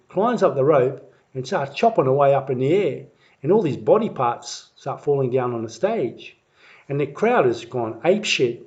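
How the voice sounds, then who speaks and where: Rambling man telling a story. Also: on the high side. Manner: rambling, halting, with many fillers and restarts; lively when acting out crowd voices. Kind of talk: casual family storytelling. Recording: muffled lo-fi recording.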